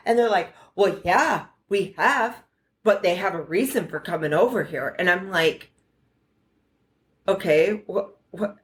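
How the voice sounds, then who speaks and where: A woman from the United States telling a story on a podcast, animated and profane, acting out the dialogue as she goes. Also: lowish voice, a little slow. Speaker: podcast co-host. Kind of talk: casual storytelling chat.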